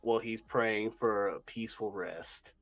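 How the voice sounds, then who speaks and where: Low-voiced man playing a tabletop game. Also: fairly even intonation, measured pace, a bit bright. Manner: hesitant, laughs often. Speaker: player.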